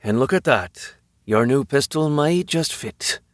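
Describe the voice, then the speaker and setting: Man doing a giant easygoing vampire, deadpan quips, dry close sound. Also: medium pitch, unhurried, no echo, voice pushed up, lightly acted. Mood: fond. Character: huge, easygoing vampire husband, dryly humorous.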